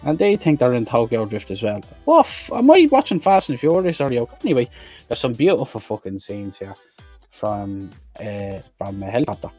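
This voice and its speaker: A man's voice: medium pitch, very animated, moderate pace, darkish tone, soft background music. A man giving a blunt, swear-heavy review of an action film, talking casually and with exasperation. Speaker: movie reviewer.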